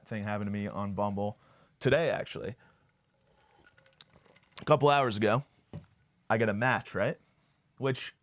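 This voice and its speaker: A young man hosting a podcast, delivering a crude, sarcastic comic monologue full of fillers and tangents. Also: lowish voice. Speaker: podcast host. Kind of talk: comedic monologue.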